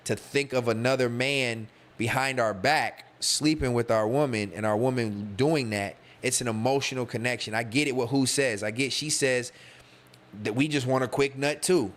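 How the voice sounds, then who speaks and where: A young man hosting a podcast livestream speaks at a moderate pace in a steady, medium-pitched, slightly bright voice. His monologue is loose, slangy and profane, and he reads and talks directly to his chat.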